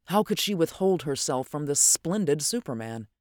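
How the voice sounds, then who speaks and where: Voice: mid-range voice, lively intonation, normal speed, a little mellow, no room sound. Audiobook narrator, dry close sound.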